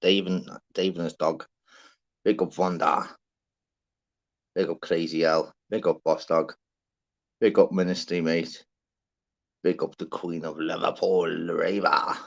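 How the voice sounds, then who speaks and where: A man's voice: low voice, flat delivery, unhurried, creaky, pauses often. Chatty man, lo-fi. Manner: chatty, swears freely, rambling. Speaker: live stream host. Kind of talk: casual live shout-outs. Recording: dull lo-fi sound.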